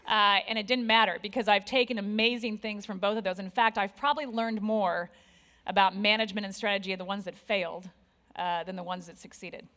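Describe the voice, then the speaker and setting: A woman in her forties giving a candid, self-deprecating conference talk on stage, with lively asides to the audience. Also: mid-range voice, a little fast. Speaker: conference speaker.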